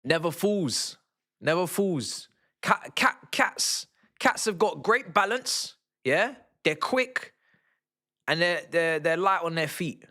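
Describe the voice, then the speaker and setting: Man, young, high-pitched, fan streamer, slangy live match chat. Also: takes it slowly. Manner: excitable, slangy, shouting at goals. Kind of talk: live match watch-along commentary.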